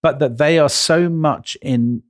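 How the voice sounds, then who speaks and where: A man co-hosting a history podcast, telling the story with emphatic, animated delivery. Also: unhurried, dry recording, clean studio sound. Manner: animated, emphatic, jumps in pitch for stress. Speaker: podcast co-host.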